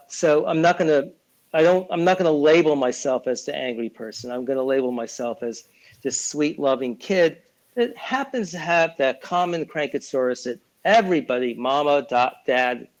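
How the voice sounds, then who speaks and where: Speaking at normal speed with a medium pitch, this man is a podcast guest who works as a lawyer and writes children's books. He chats loosely, full of fillers and false starts, and performs quotes in different voices. The audio is poor.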